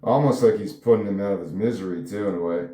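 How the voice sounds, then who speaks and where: Brief: male writer, low-ish mellow voice, rambling and thinking out loud about his script, roomy echo. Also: quick pace. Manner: rambling, musing aloud with frequent hedges. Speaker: screenwriter discussing his script. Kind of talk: casual solo commentary. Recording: echoey room.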